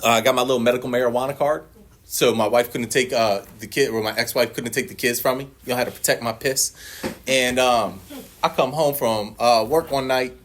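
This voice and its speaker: With a medium-pitched voice and a fairly quick pace, plus a little hiss or hum in the background, a man recounts his recovery to a meeting. The telling is profane and comic; he laughs a lot and acts out his old lines with extra energy.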